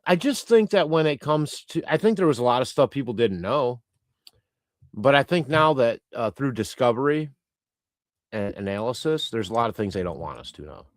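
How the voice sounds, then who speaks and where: A man's voice: medium pitch, big pitch swings, normal speed, no room sound, studio quality. A man hosting a live stream, chatting loosely and reading out viewer comments in a rambling, irreverent way with casual swearing. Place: lives in Canada.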